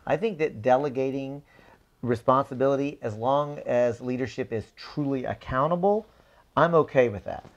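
A man's voice: mid-range voice, moderate pace, dull audio. Impassioned man speaking emphatically. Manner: emphatic, builds with repeated phrases. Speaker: political activist guest. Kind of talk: impassioned conversational speech.

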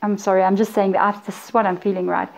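A woman's voice: mid-range voice, flat delivery, quick pace, creaky. Chatty woman giving a tarot reading. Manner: chatty, acts out quoted reactions, addresses viewers as guys. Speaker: tarot reader.

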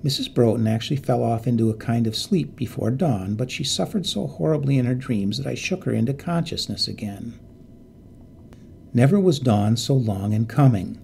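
A man narrating a ghost story in an expressive, dramatic reading voice. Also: medium pitch, moderate pace, gravelly, a little hiss or hum.

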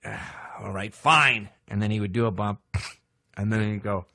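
A man's voice: fairly low pitch, moderate pace, long pauses, a bit bright, dry recording, clean studio sound. A man hosting a podcast, telling a comic story and jumping into silly voices for the characters in it. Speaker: podcast host. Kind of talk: comic monologue.

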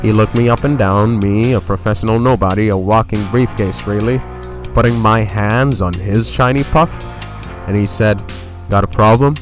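A man narrates a spoken story in a low, steady voice. His delivery is wry and deadpan, poking fun at himself. Faint guitar music plays behind him. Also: normal speed. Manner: wry, deadpan, self-mocking. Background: soft guitar music.

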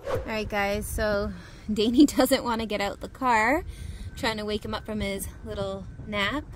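A woman's voice: medium pitch, fairly even intonation, unhurried, soft background music. A woman, a family vlogger and mother, chatting casually to the camera and her kids, often saying "like" and "guys.".

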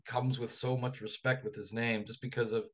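Animated man telling a story. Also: medium pitch, normal speed. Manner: lively raconteur, acts out quoted voices. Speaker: author guest. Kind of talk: anecdotal storytelling in a radio interview.

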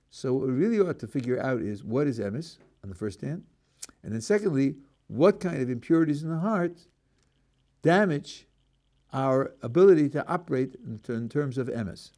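An older man, a rabbi, giving a Torah lecture and acting out the speakers in his examples, sprinkled with Hebrew religious terms. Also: normal speed. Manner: animated, acts out a speaker's voice, rising and dropping pitch. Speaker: rabbi teaching a class.

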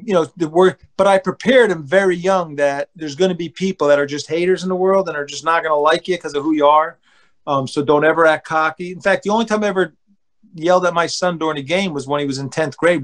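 High-voiced blunt middle-aged man. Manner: animated, acts out quotes with loud outbursts; blunt, plain-spoken. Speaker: former pro baseball pitcher, guest. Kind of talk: casual storytelling interview.

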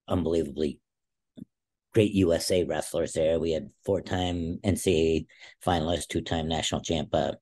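Very low-voiced older man telling stories. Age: 60s. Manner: animated storyteller who acts out quotes. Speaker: podcast guest. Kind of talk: casual interview storytelling.

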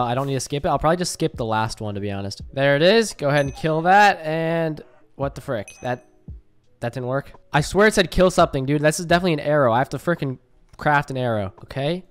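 Excitable young man narrating gameplay. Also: on the high side. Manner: excitable, panics loudly when under attack. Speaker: gaming YouTuber. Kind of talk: casual gameplay commentary.

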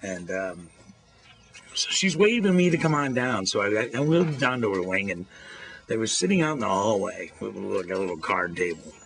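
A man's voice: on the low side, expressive, moderate pace, vocal fry, a bit bright. Folksy man telling jokes to camera. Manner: folksy storyteller who acts out quoted voices. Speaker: vlog host. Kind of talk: casual joke-telling rant to camera. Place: outdoors by a street. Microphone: handheld camera held to himself.

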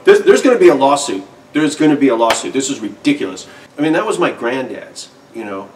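A man's voice: medium pitch, big pitch swings, a little fast, far from the mic, a little hiss or hum. A man hosting a guitar channel, complaining in a satirical mock-outraged rant to the camera. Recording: roomy sound from off-mic.

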